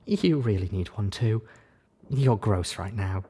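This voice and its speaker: A man voicing a fragile young female pegasus pony in an audiobook reading, soft, timid and crying. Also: lowish voice, lively intonation, a little slow, breathy edge. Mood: tearful. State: crying, shaky.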